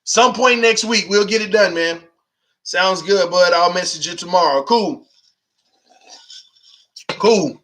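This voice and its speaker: Male fan host, very high voice, emphatic excitable chat, leans on "man" and "y'all". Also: takes it slowly, pauses often, background noise. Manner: emphatic, shouts and preaches at viewers; drawling, says "man" and "y'all" constantly.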